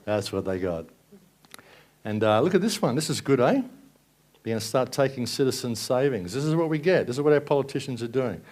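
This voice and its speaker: A man's voice: medium pitch, expressive, a little fast, darkish tone. A man giving an angry, sarcastic presentation at a live event, swearing and ranting. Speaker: speaker at a conference.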